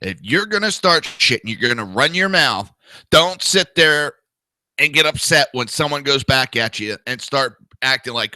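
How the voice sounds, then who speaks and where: A man's voice: mid-range voice, animated, moderate pace, sharp tone, no room sound. A man with a New Jersey accent, hosting a political talk show and ranting in a blunt, crude, combative monologue. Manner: blunt, crude and combative, mocking with whiny impressions. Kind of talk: opinionated monologue.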